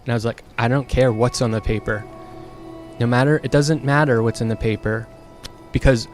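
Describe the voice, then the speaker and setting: A man's voice: mid-range voice, fairly even intonation, moderate pace, faint music behind. Frank, swearing young man telling a story. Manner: frank, exasperated, swears freely. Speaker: streamer. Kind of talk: casual storytelling monologue.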